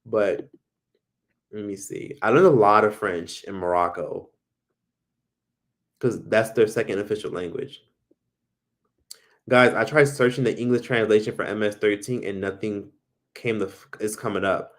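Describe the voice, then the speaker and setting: A man's voice: fairly low pitch, a little slow, pauses often. Chatty man hosting a live stream. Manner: chatty, swears freely, reads viewer comments aloud. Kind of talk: casual live stream chat.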